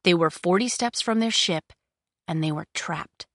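A woman reading an audiobook chapter in a measured, expressive storytelling voice. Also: fairly low pitch, no room sound, clean studio sound. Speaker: audiobook narrator. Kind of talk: scripted narration.

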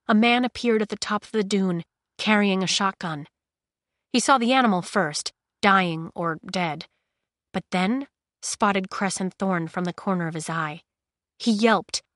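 A woman narrating an audiobook chapter in a measured, steady reading voice. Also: mid-range voice, dry recording, studio quality. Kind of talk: scripted narration.

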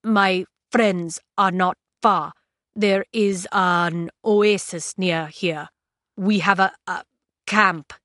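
A woman voicing a middle-aged desert stranger who speaks with a thick accent and stumbles slowly over his words. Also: mid-range voice, steady tone, fairly bright tone, dry recording, clean studio sound. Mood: helpful.

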